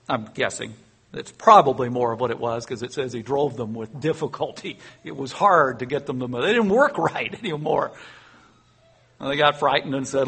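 Husky-voiced man teaching from the Bible. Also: mid-range voice. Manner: reads scripture aloud and dramatizes it with rising excitement, chuckling often; conversational, asides with fillers and self-corrections. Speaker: preacher.

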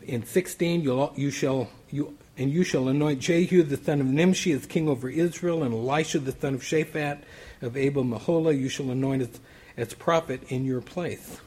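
A man's voice: fairly high pitch, a little mellow, slightly rough. A man preaching a Bible study sermon, reading verses aloud and then commenting on them conversationally.

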